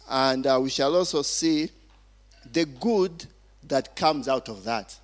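A man preaching a sermon as pastor, speaking slowly and deliberately, often repeating phrases and interjecting praise. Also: mid-range voice. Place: church hall. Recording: long hall reverb.

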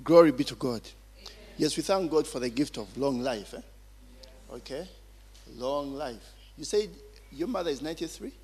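A man preaching a sermon as pastor, speaking slowly and deliberately, often repeating phrases and interjecting praise. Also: a little high, animated, a little mellow, a little hiss or hum. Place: church hall. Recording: long hall reverb.

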